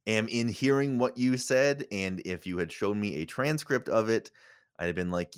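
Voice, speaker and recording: A man's voice: fairly low pitch, moderate pace, smooth. A man co-hosting a wrestling podcast, laid-back and laughing often in casual chat. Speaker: podcast co-host.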